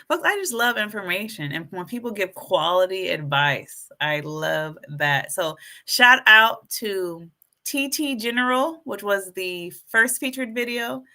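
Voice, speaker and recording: A woman hosting a casual live stream, addressing her viewers as folks and getting more and more fired up as she preaches. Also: fairly high pitch. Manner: animated, preachy, hypes herself up. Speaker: YouTube live stream host.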